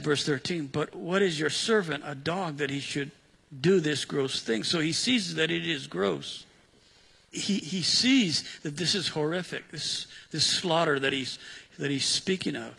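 A male pastor giving an expository sermon in a conversational, animated style with asides to the congregation. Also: on the high side, measured pace, gravelly, husky, long reverb tail.

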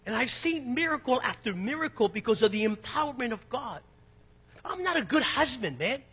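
An emphatic male pastor from East Los Angeles preaches with a bright, forceful voice that has a husky edge. His sermon mixes loud peaks with conversational asides and personal stories. It echoes through the long reverb of a church sanctuary. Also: very high voice, big pitch swings, normal speed. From East Los Angeles, United States. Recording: long reverb of a large hall.

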